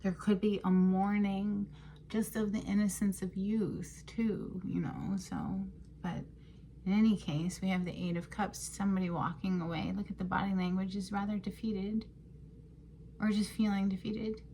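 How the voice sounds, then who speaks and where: A woman giving a casual tarot card reading, chatty and emotional, sometimes dropping into breathy half-whispers. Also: mid-range voice, level tone, moderate pace, slight background noise. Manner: chatty and emotional, with frequent fillers and soft laughs. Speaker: tarot reader.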